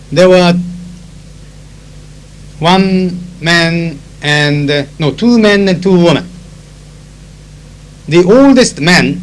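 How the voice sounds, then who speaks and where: A man's voice: fairly high pitch, poor audio. Japanese-accented guy telling interpreter stories, lots of uh's, old tape with a faint hum. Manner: switches into Japanese to explain phrases; chatty, anecdotal, with many uh fillers. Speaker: conference interpreter. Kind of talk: recorded spoken diary.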